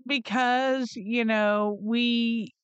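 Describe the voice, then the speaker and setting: A woman's voice: on the high side, fairly even intonation, drawn-out words, clean tone, no room sound, highs cut off. Blunt, salty-mouthed woman podcast host. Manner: blunt, swears freely, acts out her son's voice in storytelling. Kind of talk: casual chat.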